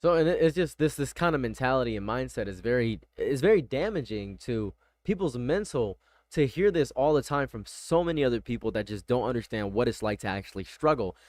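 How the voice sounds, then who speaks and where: A man's voice: mid-range voice, expressive, brisk, darkish tone, no echo. A man streaming casual reaction commentary, blunt and rambling, often repeating himself.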